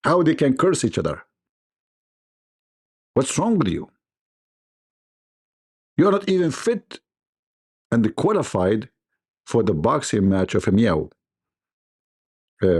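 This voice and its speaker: A man's voice: on the low side, big pitch swings, unhurried, pauses often, a little mellow, breathy edge. A man hosting a livestream, giving mocking commentary in a sarcastic manner, laughing often and mimicking voices. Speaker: livestream host.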